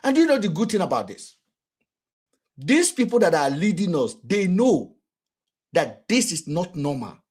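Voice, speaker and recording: Husky Nigerian man, animated and high-pitched. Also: a little slow, long pauses. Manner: animated, rhetorical, acts out quotes. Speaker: vlogger and commentator. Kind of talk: casual commentary.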